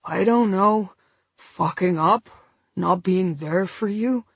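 A man's voice: high voice, slow pace, gravelly, slightly rough, dry recording, exaggerated voice. Woman reading Brooklyn man, hurt and weary, slurred words through a numbed mouth, audiobook. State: in pain, mouth injured.

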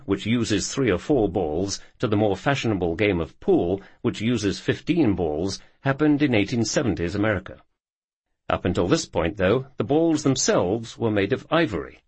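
A man narrating a scripted story with measured storytelling delivery. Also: on the low side, breathy edge, no echo.

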